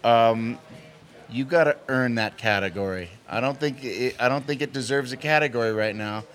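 A man sits in for a relaxed interview, trading jokes and laughing easily. His voice sits in an ordinary middle range. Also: mid-range voice, moderate pace. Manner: playful, jokey, laughs often. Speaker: actor guest. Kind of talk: casual interview chat.

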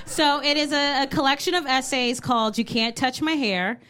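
A woman co-hosting a live comedy podcast, chatting in a playful, casual way and laughing loudly. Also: high-pitched, normal speed, slight background noise. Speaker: comedy podcast co-host and writer. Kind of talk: casual comic chat before a live audience.

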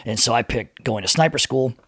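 A man's voice: medium pitch, fairly quick, fairly bright tone, slightly rough, no room sound, studio quality. A man in his thirties, a podcast guest telling casual, profane anecdotes and laughing between them. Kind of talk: casual storytelling in conversation.

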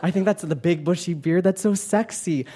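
A young man doing a stand-up comedy set, animated and campy, with playful asides to the crowd. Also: sits high, moderate pace. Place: live comedy club stage. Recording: live club recording with crowd. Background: audience laughter.

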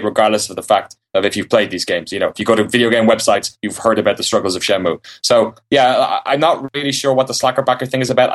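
A man appearing as a guest on a gaming podcast, talking in an animated, chatty way with lots of likes and restarts. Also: lowish voice. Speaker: podcast guest, games journalist. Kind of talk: casual podcast chat.

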